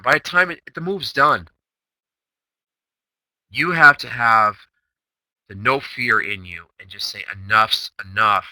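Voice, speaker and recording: A man's voice: medium pitch, bright, forceful tone, no room sound, poor audio. A man hosting a day-trading chatroom recap, talking brashly and emphatically with lots of rhetorical questions. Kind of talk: recorded trading session recap.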